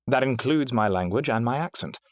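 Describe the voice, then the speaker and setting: This audiobook character voice is a polite, refined female AI companion with a British accent and exact diction, played by a man at medium pitch. He pushes his voice up only a little from his everyday voice, speaking slightly fast with lively intonation, courteous and poised, in a studio-quality recording with no echo.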